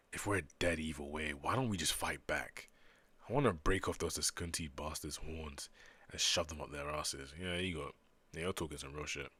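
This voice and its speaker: A man's voice: a bass voice, pushed and bright, husky, no room sound. A man on a casual stream reading comic panels aloud and reacting to them as he goes. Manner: reads panels aloud with quick reactive commentary.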